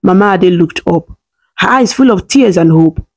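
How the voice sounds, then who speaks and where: A woman reading a scripted story in a steady, dramatic way. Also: lowish voice, normal speed.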